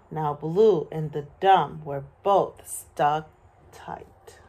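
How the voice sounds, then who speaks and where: A woman teacher reads a children's picture book aloud from home. She takes it slowly and expressively, with playful animal and truck sounds. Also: fairly low pitch, a little mellow. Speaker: preschool teacher.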